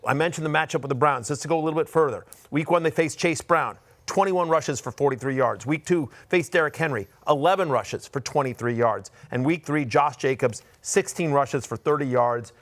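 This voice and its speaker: A man hosting a sports show, chatty and animated, talking in quick bursts. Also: on the high side. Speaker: host. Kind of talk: casual sports podcast chat.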